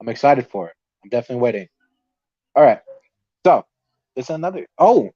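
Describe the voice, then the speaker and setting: A man's voice: mid-range voice, big pitch swings, fairly quick, warm tone, breathy edge, no echo. A man hosting a casual podcast, reading out viewer comments in an upbeat way. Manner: upbeat, laughs often. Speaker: podcast host. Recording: dull lo-fi dry sound.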